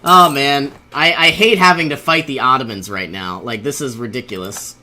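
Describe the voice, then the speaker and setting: A man's voice: medium pitch, normal speed, sharp tone. A young man giving casual commentary over his own strategy game, thinking aloud, often exasperated and laughing. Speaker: let's play host.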